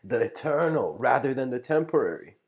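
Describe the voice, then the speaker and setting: A man voicing a wise wandering mystic, delivering slow and solemn sayings within a lecture. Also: medium pitch, big pitch swings. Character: wise wandering male mystic, calm and weighty.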